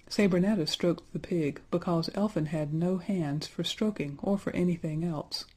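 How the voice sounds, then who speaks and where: A female storyteller reads a fairy tale aloud in storybook fashion, measured and even. Her low voice is dark in tone and husky in texture.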